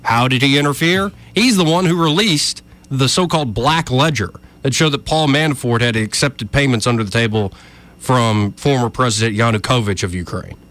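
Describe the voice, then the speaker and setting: Speaking at a moderate pace in a mid-range, fairly bright voice, a man offers combative political commentary, addressing his audience head-on.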